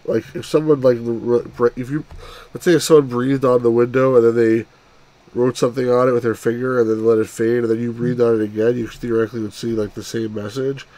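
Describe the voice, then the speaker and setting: A man co-hosting a game playthrough, chatting casually and deadpan. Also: mid-range voice, quick pace, low-quality recording. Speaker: co-host. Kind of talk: casual chat over a game.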